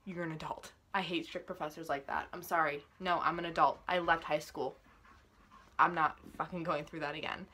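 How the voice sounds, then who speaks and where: A young woman venting to camera about pet peeves, profane and exasperated, her voice rising into loud outbursts. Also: low-pitched, fairly even intonation, normal speed, husky. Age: young adult. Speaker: vlogger.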